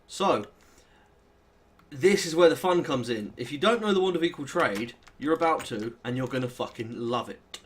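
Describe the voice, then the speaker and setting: Rambling British lad narrating gameplay. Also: male voice, mid-range voice, lively intonation, moderate pace. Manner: rambling, self-deprecating, thinks aloud while playing. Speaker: let's play host. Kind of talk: casual gameplay commentary.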